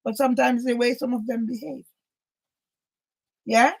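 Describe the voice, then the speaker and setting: A woman's voice: fairly high pitch, steady tone, unhurried, breathy edge, rough recording. A woman giving an angry, emotional monologue to camera, swearing heavily and repeatedly asking "yeah?", close to tears at times. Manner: agitated, heavy swearing, keeps asking "yeah?". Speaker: vlogger.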